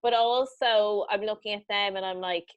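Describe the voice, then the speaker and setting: A woman's voice: mid-range voice, steady tone, moderate pace, smooth, lo-fi sound. A woman, a podcast guest, chatting in a frank, wry and sympathetic way with blunt slang. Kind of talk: casual chat.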